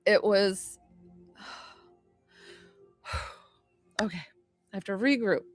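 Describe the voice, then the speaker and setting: A gushing, excitable woman talks on a phone livestream, her voice jumping between loud bursts and softer asides. She greets viewers as she chats, and faint music plays underneath. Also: mid-range voice, very slow, no room sound. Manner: gushing, excitable, chatty, reads out viewer names. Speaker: livestream psychic medium and healer. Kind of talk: excitable casual livestream chat.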